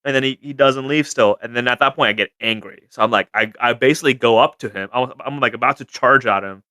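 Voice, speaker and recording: Bright-voiced guy telling a wild story. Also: medium pitch, quick pace, dry recording. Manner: animated storytelling, swears freely. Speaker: podcast co-host, car shop owner. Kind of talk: casual podcast chat.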